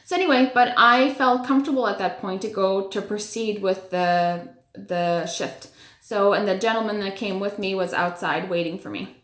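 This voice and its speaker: A woman's voice: mid-range voice, moderate pace. A woman casually telling a personal story, full of "like" and "you know", acting out her own reactions as she goes. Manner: chatty, many "like" and "you know" fillers; animated retelling with acted-out reactions. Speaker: storyteller sharing personal spiritual experiences. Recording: echoey room.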